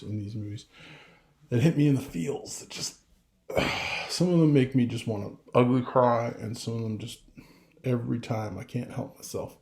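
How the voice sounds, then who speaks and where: A man's voice: medium pitch, a little mellow, echoey room. A middle-aged father talking casually to camera, rambling with restarts and getting emotional. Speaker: vlogger.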